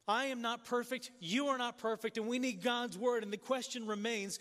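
A man preaching a sermon as pastor, earnest and questioning, often dropping soft and low for emphasis. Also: a little fast, hardly any pauses, long reverb tail.

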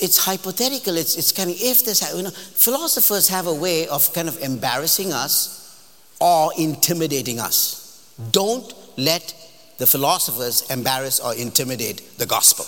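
A man preacher delivering a sermon with animated, emphatic storytelling in a large church hall. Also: a little high, normal speed. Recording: long hall reverb.

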